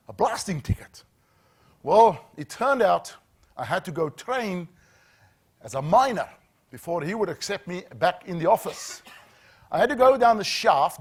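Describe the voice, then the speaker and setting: South African male trainer with a slightly high voice, dramatic pauses, anecdotal keynote delivery. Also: slightly rough. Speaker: safety training speaker. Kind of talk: storytelling keynote talk. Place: training room with audience.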